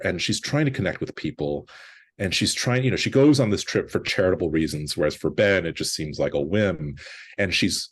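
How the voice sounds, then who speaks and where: A man with a notably deep, low voice speaks as a guest film critic. He talks in relaxed conversational analysis and often restarts his sentences mid-thought. Now and then he lifts his voice to quote a character. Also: breathy edge.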